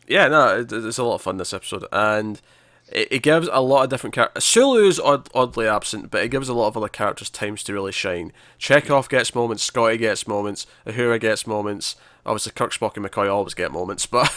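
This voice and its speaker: A man on a review podcast, talking through an episode with excited, tumbling retellings full of false starts. His voice sits at an ordinary pitch. The sound is close and dry. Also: brisk, no echo. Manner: animated, stumbling retelling with many restarts. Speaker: podcast co-host. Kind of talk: casual review chat.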